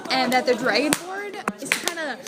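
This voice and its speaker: A woman's voice: high-pitched, lively intonation, moderate pace. A woman narrating a tabletop game as game master, casual and full of fillers. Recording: noisy room with crowd chatter.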